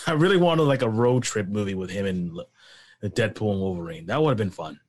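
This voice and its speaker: A man chatting casually during a movie watch-along, excitable, laughing easily and swearing. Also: fairly low pitch, fairly quick. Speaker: co-host.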